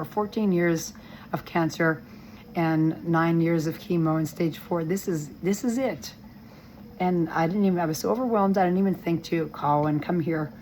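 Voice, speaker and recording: A woman speaks from a hospital room in a lowish, weak and strained voice, halting and restarting as she talks. Her voice breaks with emotion from time to time. A faint hiss sits under the recording. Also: a little mellow, low-quality recording. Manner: earnest, rambling and halting, with many restarts. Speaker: vlogger giving a health update. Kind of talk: personal video update.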